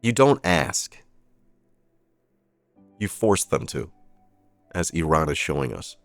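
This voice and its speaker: Brief: low-voiced male stream host, sardonic and profane, riffs on headlines over faint music. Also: big pitch swings, takes it slowly, gravelly, no echo. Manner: sarcastic, profane asides while reading headlines. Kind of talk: political news commentary. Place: streaming setup.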